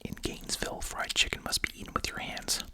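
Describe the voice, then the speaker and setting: Chewing gum, an ASMR host whispers fast, chatty, wry commentary packed with asides and rhetorical questions.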